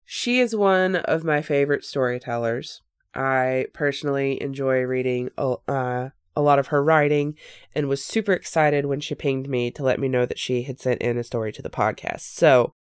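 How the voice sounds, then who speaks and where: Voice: medium pitch, clean tone, dry recording, studio quality. A podcast host telling a personal spooky story in a casual, earnest, reflective way, with fillers and self-corrections.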